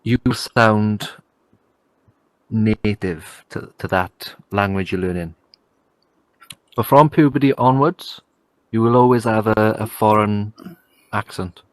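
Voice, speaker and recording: A man co-hosting a laid-back podcast chat. He speaks in a low voice, blunt and joking as he pushes his arguments. The recording is dry and close. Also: slow, pauses often, no echo. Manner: blunt, jokey, argues a point. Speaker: podcast co-host. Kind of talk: casual chat.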